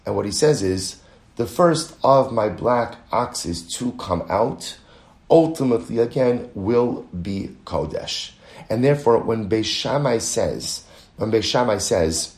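A man's voice: fairly low pitch, a little mellow, reverberant. A man teaching a Talmud study lesson, explaining the text step by step, reading Aramaic and Hebrew passages aloud and often restarting his sentences.

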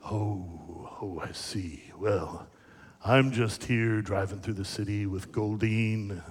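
A man putting on the voice of a deep-voiced, smooth older male caller with a slow, low, easygoing drawl. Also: full character voice. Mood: laid-back. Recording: echoey hall reverb.

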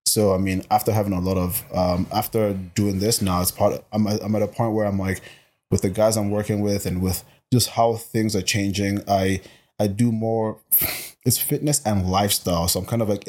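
Lower-voiced man, passionate and energetic. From grew up in Botswana. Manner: energetic, passionate, many restarts. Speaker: interview guest, life coach. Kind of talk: casual interview talk.

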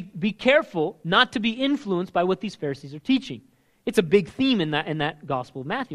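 A young man preaching a casual, conversational sermon, emphatic and swinging between loud and hushed delivery. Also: sits high.

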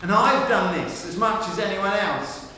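A man's voice: high-pitched, expressive, measured pace, bright, forceful tone. A middle-aged male pastor preaching an earnest sermon that rises to emphatic questions. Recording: echoey hall from far off.

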